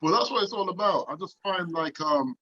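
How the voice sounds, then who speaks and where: A man's voice: sits high, animated, a little fast, bright, forceful tone, lo-fi sound. A man from Nottingham, England, guest on a podcast, talking openly in a casual chat and laughing readily. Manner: open, easygoing, laughs readily.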